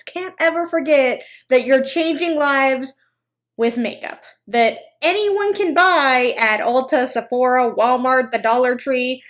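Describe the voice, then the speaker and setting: Woman YouTuber, high voice, sarcastic, chatty commentary with lively storytelling. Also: unhurried. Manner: sarcastic, reacting with groans and laughter; animated, acts out other people's lines in story. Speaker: anti-MLM commentary YouTuber.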